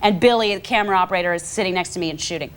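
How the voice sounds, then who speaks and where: A woman guest on a talk show telling an animated, self-mocking anecdote. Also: lowish voice, racing, smooth. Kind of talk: casual anecdote.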